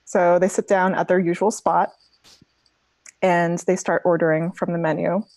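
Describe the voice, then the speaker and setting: Relaxed woman running a tabletop game. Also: lowish voice, moderate pace, no echo. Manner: relaxed, hesitant with fillers while describing scenes. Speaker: game master.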